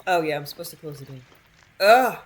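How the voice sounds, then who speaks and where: Playful woman gamer, snarky running commentary, slightly low voice. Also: steady tone, racing, noisy background. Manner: snarky, playful, talking back to characters. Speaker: gamer streaming a playthrough. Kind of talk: casual gameplay commentary.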